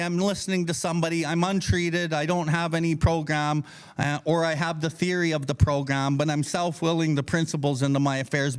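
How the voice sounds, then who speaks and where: A man's voice: on the high side, clear, resonant tone. Blunt, swearing man leading a book study. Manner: blunt, heavy swearing, acts out his own inner voice. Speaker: podcast co-host leading a recovery book study. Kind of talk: casual teaching talk.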